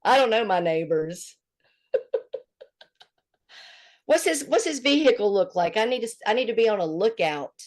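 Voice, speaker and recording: A woman from Alabama with a Southern accent, co-hosting a casual gossip chat and telling stories in a mocking, animated way. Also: medium pitch, moderate pace, long pauses. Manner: animated, mocking storytelling with laughter. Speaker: co-host.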